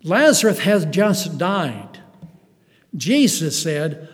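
Measured in pace, a pastor with a slightly high, darkish voice preaches to his congregation, whom he calls beloved. He builds emphasis through rhetorical questions while the hall's long reverb trails behind him.

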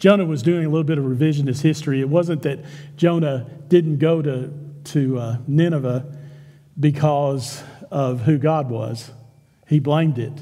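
A man preaching a sermon as a pastor, animated, acting out quoted lines in a church. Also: fairly high pitch, normal speed. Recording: long hall reverb.

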